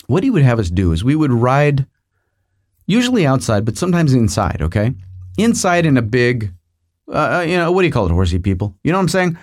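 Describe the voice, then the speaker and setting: A man's voice: mid-range voice, very animated, brisk. A middle-aged man hosting a podcast, telling a rambling comic story with digressions and asides to the listener. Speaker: podcast host.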